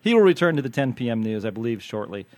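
A man's voice: mid-range voice, sing-song, dry recording. A man hosting a podcast as a TV critic, chatting in a joking, rambling way and teasing his guests. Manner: jokey, rambling, quick to tease. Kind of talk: casual podcast chat.

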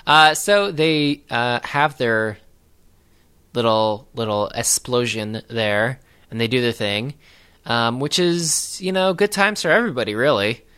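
A man's voice: mid-range voice, expressive, measured pace, bright, forceful tone, clean tone. Wry rambling man recapping a film. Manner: rambling, hesitant with many fillers, wry. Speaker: podcast co-host. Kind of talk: casual film recap chat.

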